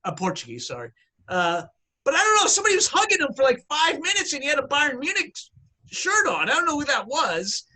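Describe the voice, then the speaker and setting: A man's voice: very high-pitched, huge pitch swings, a little fast, sharp tone. A man co-hosting a casual sports podcast, talking in an emphatic, opinionated rant. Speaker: podcast co-host.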